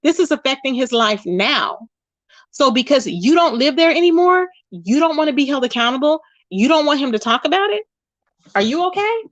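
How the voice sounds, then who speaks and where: Woman host, AAVE, animated commentary, higher voice, dry close sound. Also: normal speed, dry recording, dull audio. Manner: animated retelling, quotes others in raised voice, addresses viewers directly. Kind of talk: casual commentary livestream.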